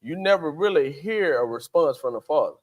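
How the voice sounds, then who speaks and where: A man's voice: a little high, animated, fairly quick. A man, co-hosting a faith podcast in casual chat, acting out quotes in character voices. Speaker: podcast co-host.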